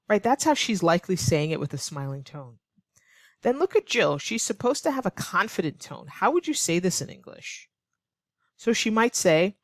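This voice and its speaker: A woman teaching English online, explaining clearly and patiently, now and then acting out example lines to show tone. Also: fairly low pitch, big pitch swings, moderate pace, dry recording, clean studio sound. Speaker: ESL teacher.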